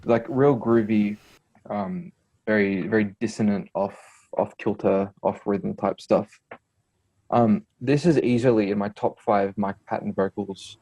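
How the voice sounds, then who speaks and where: A man's voice: on the low side, fairly even intonation, a little slow, warm tone, lo-fi sound. A man co-hosting a podcast in casual chat, hesitant and searching for words as he talks music. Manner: hesitant, many fillers and restarts.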